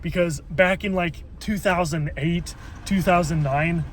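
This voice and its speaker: A man's voice: on the high side, unhurried, slight background noise. A man vlogging from his car in a waiting line, grumbling and swearing in irritated rants. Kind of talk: ranting car vlog.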